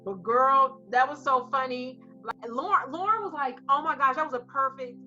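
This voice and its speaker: A woman co-hosting a casual chat, telling a story in an animated way and acting out the voices of the people in it. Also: high voice, normal speed, soft background music. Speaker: co-host. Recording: slightly muffled recording.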